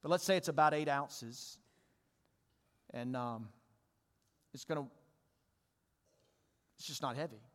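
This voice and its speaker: Conversational pastor preaching in a reverberant church. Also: male voice, mid-range voice, slow, long pauses. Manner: conversational, animated, asks the congregation questions. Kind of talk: sermon. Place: church sanctuary.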